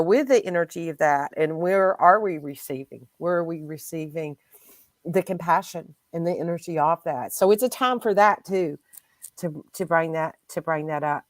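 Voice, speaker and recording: A woman hosting a casual spiritual chat, speaking in a gentle, reflective and heartfelt way. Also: low-pitched, no echo. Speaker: host.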